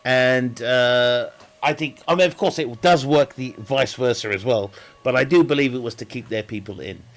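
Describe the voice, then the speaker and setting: A man's voice: mid-range voice, moderate pace. A man streaming a game, chatting casually in a rambling, joking way, laughing often and swearing. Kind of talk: casual live-stream chat.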